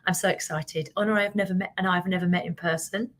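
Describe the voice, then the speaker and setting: A British woman with a British accent, hosting a casual live stream as a business coach, chatting quickly and animatedly and reading out viewer comments. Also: lowish voice. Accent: British English. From Britain. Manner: fast-talking, animated, chatty and self-mocking.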